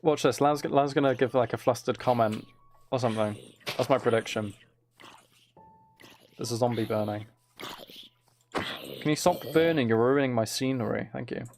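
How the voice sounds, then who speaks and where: A man's voice: medium pitch, moderate pace, long pauses, darkish tone, a little hiss or hum. A man chatting casually with his live-stream audience while he plays a game, rambling, joking and teasing viewers.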